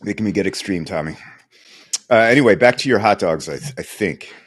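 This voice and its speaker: Very deep-voiced man making dry quips. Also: expressive, brisk, breathy edge. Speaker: podcast co-host. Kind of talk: casual chat.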